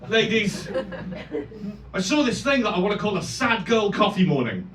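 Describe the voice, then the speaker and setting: A man doing an animated stand-up set, swearing and breaking into loud exclamations. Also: high voice, normal speed. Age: 30s. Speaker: stand-up comedian. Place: comedy club stage. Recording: echoey club heard from a distance. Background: audience laughter.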